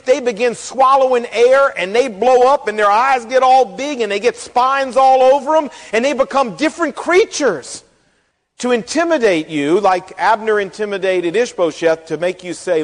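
A man preaching a sermon as pastor, folksy and animated, acting out the quotes in the story. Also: extremely high pitch, moderate pace. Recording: long hall reverb.

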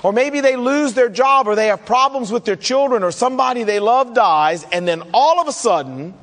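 Male pastor, very high voice, conversational sermon delivery, echoing church hall. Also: expressive, normal speed, a bit bright. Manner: conversational preaching, acts out listeners' questions.

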